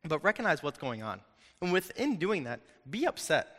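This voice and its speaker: A young male preacher talks to his congregation in a loose, animated way and throws in jokes. His voice is bright and forceful. A long reverb trails off each line, as in a large hall. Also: a little high, normal speed. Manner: animated, conversational, jokes with the audience. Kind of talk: sermon. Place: hall with an audience.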